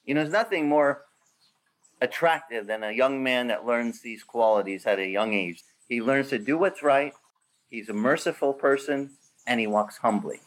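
A man, a pastor, preaching a sermon with lively acted-out quotes and a rising, emphatic delivery. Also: medium pitch, normal speed.

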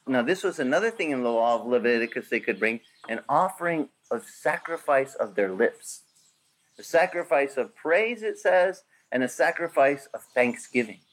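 A pastor delivering a sermon in a medium-pitched voice. He speaks in an animated way, with plenty of lift and emphasis. He sometimes drops into voices to act out what people say. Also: moderate pace. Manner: animated preaching with acted-out quotes.

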